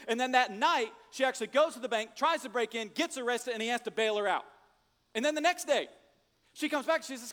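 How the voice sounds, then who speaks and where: A male pastor preaching a sermon, animated and conversational, swinging from loud jokes to hushed emphasis. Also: very high-pitched, a little fast, in a large hall.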